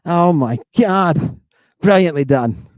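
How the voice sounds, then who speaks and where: A middle-aged man delivers a provocative, confrontational lecture full of insults, lurching from loud jabs to low mutters. He is animated yet slow, and the recording is dry.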